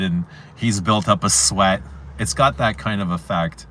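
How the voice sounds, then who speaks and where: Man, deep low voice, casual livestream chat, rambling, repeats himself, faint background noise. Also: unhurried, a bit bright. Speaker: fragrance livestream host. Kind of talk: casual livestream chat reading viewer comments.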